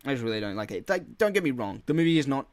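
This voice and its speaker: A man's voice: mid-range voice, big pitch swings, very fast, no echo. A man hosting his own gaming channel, ranting in a casual solo podcast with many filler words and frequent swearing. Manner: rambling, frustrated, heavy swearing and filler words.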